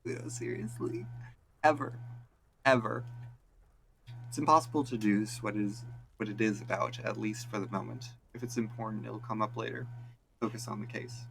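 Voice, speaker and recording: A man's voice: on the low side, fairly even intonation, brisk, gravelly, fairly bright tone, slight background noise, low-quality recording. A man streaming a game, reading its text aloud in a casual way with dry asides.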